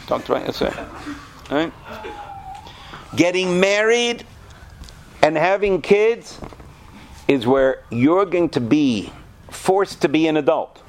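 A man teaching a class of students, animated and talkative, often asking them questions. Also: fairly high pitch, takes it slowly, pauses often, a little hiss or hum. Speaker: yeshiva teacher. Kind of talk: lecture to students.

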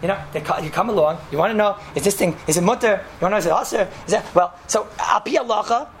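Man, casual Torah talk, rapid pace, rambling storyteller, Hebrew and Yiddish terms, faint background noise. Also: sits high.

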